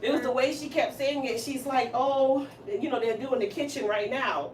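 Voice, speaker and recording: A woman with a fairly high voice, chatting in her hair salon and telling a story. She acts out each person's lines with plenty of laughter. She sits back from the mic in a roomy space, with a faint hiss underneath. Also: moderate pace, distant mic. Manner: animated, acts out quoted lines, laughs often. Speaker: hairstylist and salon owner. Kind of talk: casual storytelling chat.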